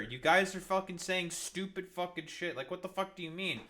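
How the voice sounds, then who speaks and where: A man's voice: sits high, very animated, a little fast, sharp tone. A man giving heated, profane and sarcastic reaction commentary on news clips. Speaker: political commentary streamer.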